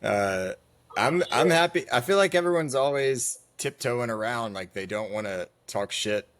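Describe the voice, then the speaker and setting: A man's voice: mid-range voice, animated, normal speed, a bit bright. A man co-hosting a racing podcast, chatty and telling stories in casual chat. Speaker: podcast co-host.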